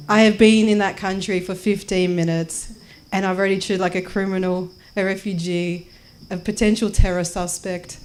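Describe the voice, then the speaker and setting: A woman in her twenties with an Australian accent does brash, jokey stand-up and spoken word live in a small performance space. Her voice is mid-range, with slight background noise, and she acts out the people she quotes.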